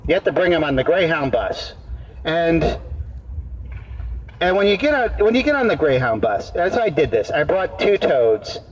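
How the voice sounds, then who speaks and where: A man doing street comedy, telling a long, absurd story in stops and starts, often repeating his words. His voice sits a little high and sounds distant from the mic. The recording is dull and muffled, with faint outdoor noise behind him. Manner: halting, repeats words, deadpan absurd tale. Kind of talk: rambling stand-up storytelling. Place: outdoor public park.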